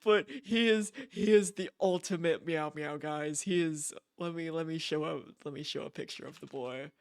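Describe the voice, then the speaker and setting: A young man streaming live from home, gushing and excited, repeating himself and laughing often. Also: fairly high pitch, normal speed, no echo, clean studio sound. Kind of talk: casual live-stream chat.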